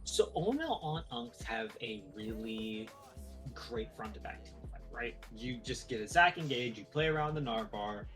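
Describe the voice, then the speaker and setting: Man, esports caster, live game commentary, excitable, faint music underneath. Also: medium pitch, normal speed, rough recording.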